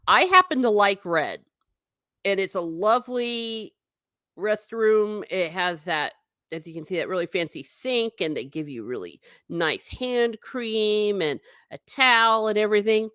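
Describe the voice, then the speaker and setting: A woman's voice: medium pitch, a bit bright, dry recording, studio quality. A woman vlogger chatting casually with her viewers, giggly and self-mocking. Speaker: travel vlogger reading live chat. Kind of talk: casual live-stream chat.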